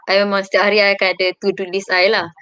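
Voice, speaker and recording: A young Malaysian woman, a university student, chatting casually as an interview guest over a video call, often pausing to search for words. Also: mid-range voice, monotone, a bit bright, clean tone, no room sound. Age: young adult. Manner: hesitant, searching for words with many fillers. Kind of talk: casual chat.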